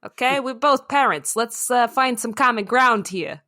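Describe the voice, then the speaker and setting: A woman voicing a bossy raccoon mother with a New York accent, loud and pushy. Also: fairly high pitch, moderate pace, dry recording, clean studio sound, pitched above the performer's own voice. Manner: loud, pushy, street-tough.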